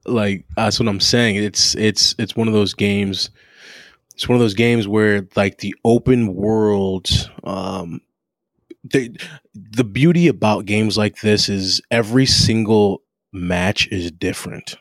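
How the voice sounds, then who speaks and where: A podcast co-host chats casually about video games, speaking enthusiastically with drawn-out emphasis and frequently restarting his sentences. His voice is on the low side with fairly even intonation, captured in a dry, studio-quality recording.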